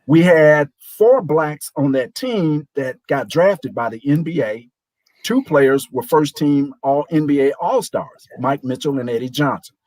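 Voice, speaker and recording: A man in his sixties, a show guest, telling a lively anecdote and acting out the voices of people in it. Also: fairly high pitch, measured pace, no echo, poor audio. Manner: animated, acts out quoted voices. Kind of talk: storytelling anecdote.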